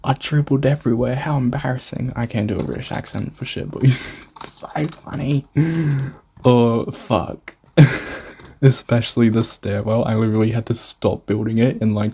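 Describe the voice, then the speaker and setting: A man's voice: medium pitch, steady tone, moderate pace, dark tone, husky. A young Australian man casually narrating a tour of his game build, rambling, swearing and mocking himself. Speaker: gamer showing a build.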